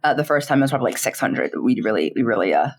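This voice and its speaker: A woman's voice: a bass voice, sing-song, rapid-fire, breathy edge. Giggly, chatty young woman streamer. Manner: chatty, giggly, lots of fillers and quoted dialogue. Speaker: streamer and content creator. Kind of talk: casual interview chat.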